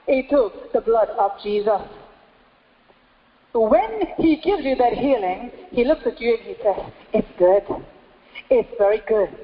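High-voiced woman preaching in a hall. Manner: repetitive preaching cadence with rhetorical questions. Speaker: pastor. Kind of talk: sermon. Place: church hall. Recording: echoey church hall, slightly dull sound.

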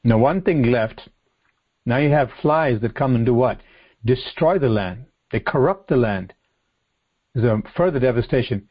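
A man preaching a sermon, reading scripture aloud and explaining it earnestly, slowing down and repeating phrases for emphasis. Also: medium pitch, animated, highs cut off. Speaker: pastor. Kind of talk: sermon, expository Bible teaching.

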